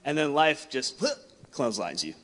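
A young man preaching a sermon, telling a personal story in a casual, animated way and laughing often. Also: mid-range voice, moderate pace. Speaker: pastor. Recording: long hall reverb.

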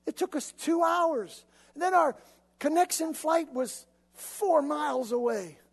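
A man preaching a sermon, telling stories in an animated, conversational way. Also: extremely high pitch, unhurried. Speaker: pastor. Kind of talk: sermon with personal storytelling. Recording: long reverb of a large hall.

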